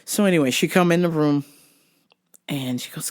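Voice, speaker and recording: A man's voice: fairly high pitch, moderate pace. A man hosting a podcast, telling stories casually, swearing freely and laughing at his own jokes. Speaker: podcast host. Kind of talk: casual storytelling monologue.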